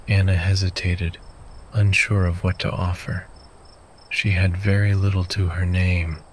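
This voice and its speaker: Deep voiced guy doing a sleep story, real slow and calm, crickets faint in back. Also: slight background noise, low-quality recording. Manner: calm, soothing. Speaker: narrator. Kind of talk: soothing sleep story narration. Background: faint crickets and insects.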